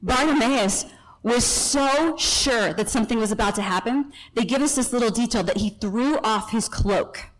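Woman Bible teacher, conversational storyteller, slightly higher voice, who acts out the scene as she goes. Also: moderate pace, poor audio. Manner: chatty asides and self-corrections.

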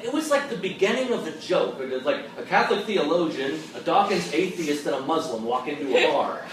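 A man tells a story to a live room, his voice fairly high for a man and quite far from the microphone. The space rings with heavy echo and a steady bed of noise. He acts out the people he quotes, sinking low and quiet for them. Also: a little fast. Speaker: theology lecturer telling a story. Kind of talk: animated storytelling talk. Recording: distant mic, noisy live room.

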